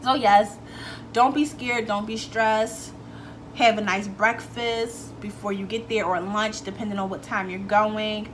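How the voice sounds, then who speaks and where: A young woman vlogging casually, telling a story in a chatty, animated way, swearing freely and acting out what people said. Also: mid-range voice, measured pace, slight background noise. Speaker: beauty vlogger.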